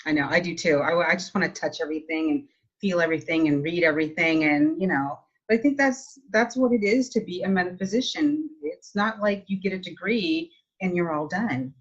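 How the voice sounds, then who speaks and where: A woman's voice: on the low side, animated, a little fast, husky. A woman hosting an interview, speaking in an enthusiastic, reflective way. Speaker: interview host. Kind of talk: casual interview chat. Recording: dull, lo-fi sound.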